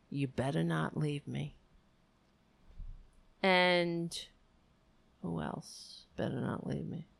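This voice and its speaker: A woman hosting a livestream rambles and vents fondly to her viewers as she signs off. Her voice is fairly low and gravelly. The recording is dry.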